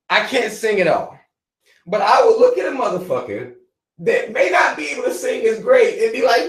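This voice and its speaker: A man's voice: on the high side, reverberant, rough recording. A man hosting a live stream, giving loose, profane commentary with frequent laughs. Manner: animated, swearing, laughing often.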